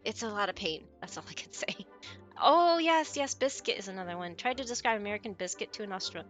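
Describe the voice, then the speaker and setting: A woman's voice: mid-range voice, lively intonation, fast talker, fairly bright tone, soft background music. A woman streamer chatting casually with her viewers while she plays a game, giggling often and answering messages from chat.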